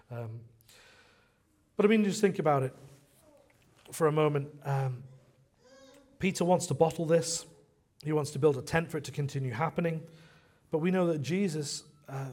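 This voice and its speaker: A man's voice: mid-range voice, a little mellow. A man preaching a sermon in a conversational way, often repeating phrases for emphasis.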